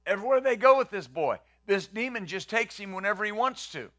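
A man's voice: high voice, expressive, a little fast, a bit bright. A male pastor preaching a conversational sermon, acting out the quotes he reads and the questions he poses.

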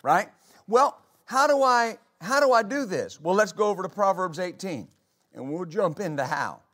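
Male pastor, high voice, preaching a church sermon with rhetorical questions. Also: lively intonation, moderate pace, fairly bright tone. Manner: preaching with rhetorical questions, reading scripture aloud.

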